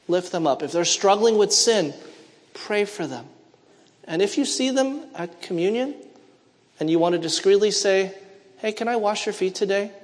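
A high-pitched man preaches a sermon in a church, his voice carried on a long hall reverb. He mixes personal stories with questions that he throws out to the congregation to answer. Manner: storytelling with call-and-response questions.

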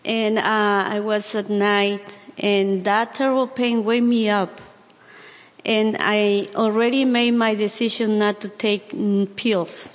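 A woman giving a personal testimony, speaking earnestly and haltingly with many pauses and restarts. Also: mid-range voice, level tone, long reverb tail. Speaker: church member giving testimony.

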